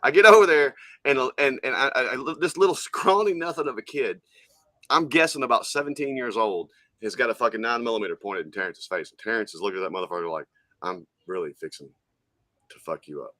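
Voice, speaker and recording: A man co-hosting a casual podcast. He tells a story full of swearing in an animated way. His voice is bright and forceful, and the sound is dry and close. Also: medium pitch, fast, dry recording. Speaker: podcast co-host.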